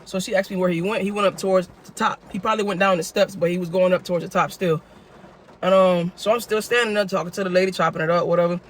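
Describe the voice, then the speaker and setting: A man's voice: high-pitched, steady tone, fast, a little hiss or hum. A man telling a casual story-time tale for his vlog in a slangy way, full of "you know what I'm saying.". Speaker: vlogger.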